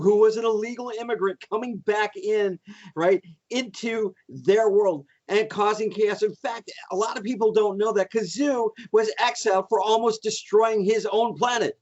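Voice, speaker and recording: A man's voice: sits high, steady tone, normal speed, natural voice. A man playing a boastful mock senator who rambles with fillers and brags in a comedy debate podcast, recorded on dull lo-fi audio.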